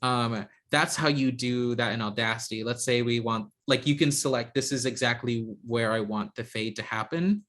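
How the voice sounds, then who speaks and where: A man leads an online software class from a video call mic. His talk is hesitant, with frequent ums and false starts, and sits at an ordinary middle pitch. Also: moderate pace, hardly any pauses. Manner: hesitant, lots of ums and restarts. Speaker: instructor.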